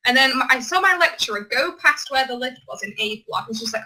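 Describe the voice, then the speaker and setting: A young woman co-hosting a casual chat podcast, giggling as she rambles through stories and swears freely. Her voice sits a little high with a bright, sharp edge. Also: expressive, normal speed, few pauses, slightly rough, rough recording. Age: young adult. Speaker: podcast co-host.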